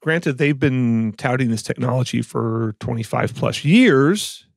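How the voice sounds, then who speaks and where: A man's voice: mid-range voice, animated, a little slow, vocal fry, husky, no room sound, studio quality. A man co-hosting an audio podcast, casually and skeptically picking apart claims, rambling with restarts. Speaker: podcast co-host, audio reviewer. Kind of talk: casual chat.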